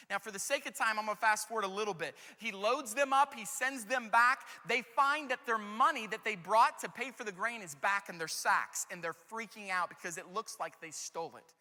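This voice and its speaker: A man's voice: sits high, pushed and bright. A man preaching a sermon as a pastor. He talks in a casual, conversational way, reads scripture aloud and acts out the voices of the people in it. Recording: church hall with long reverb.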